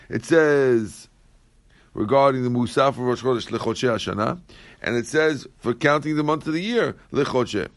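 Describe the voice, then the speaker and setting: A man's voice: mid-range voice, a bit bright, no room sound. A man teaching a Talmud class who reads Aramaic lines and then explains them in plain English, often repeating his phrases. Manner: repeats phrases while working through the text.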